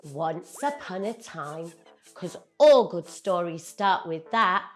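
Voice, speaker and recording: A young British woman telling a children's story in an animated, playful way, drawing her words out. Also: on the low side, slow, faint music behind.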